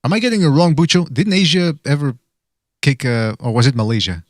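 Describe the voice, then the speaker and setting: A man's voice: fairly high pitch, brisk, no room sound, clean studio sound. A man hosting a casual call-in podcast, joking around and hyping up challenges between his co-hosts. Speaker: podcast host.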